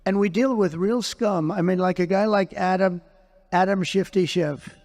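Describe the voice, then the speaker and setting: A man's voice: sits high, normal speed, darkish tone. A man, a politician, answering interview questions in an emphatic, repetitive way, circling back to the same phrases. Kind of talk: unscripted interview conversation.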